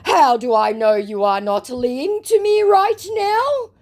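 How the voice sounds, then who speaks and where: A woman voicing a young male online scammer posing as a celebrity, speaking slowly in stilted, formal phrases. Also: high-pitched, lively intonation, darkish tone, voice pushed up.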